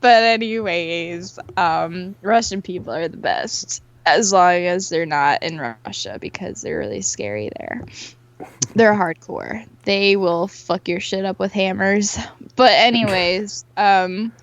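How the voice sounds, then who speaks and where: A woman's voice: medium pitch, slow pace, muffled recording. A young woman co-hosting a casual chat show, telling rambling stories with lots of giggling over a call microphone. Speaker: co-host.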